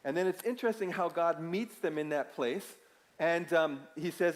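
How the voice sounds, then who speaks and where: Man, pastor, conversational sermon, questions to the congregation, slightly high voice, long hall reverb. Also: moderate pace. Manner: conversational, asks the audience questions, emphatic bursts. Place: church sanctuary.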